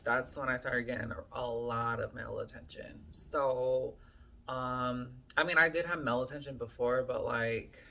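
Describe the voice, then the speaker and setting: A woman's voice: a bass voice, fairly even intonation, moderate pace, creaky, a bit bright. A woman telling a story to her viewers in a casual vlog, chatty and full of fillers, often calling them y'all. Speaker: vlogger.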